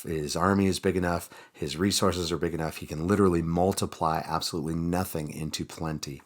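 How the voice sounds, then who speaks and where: A man, a pastor, casually retelling Bible stories in a relaxed way, with plenty of fillers. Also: extremely low pitch, husky. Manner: relaxed storytelling with frequent fillers. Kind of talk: casual Bible reading reflection.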